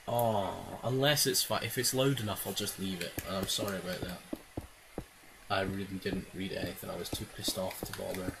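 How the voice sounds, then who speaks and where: Man, gameplay commentary, self-mocking, swearing, laptop built-in mic, heavy hiss. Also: lowish voice. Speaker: gaming video creator. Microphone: laptop internal mic.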